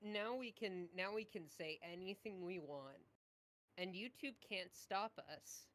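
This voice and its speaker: A woman narrating as dungeon master in a casual tabletop game, unhurried and halting, with many fillers. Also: medium pitch, a bit bright.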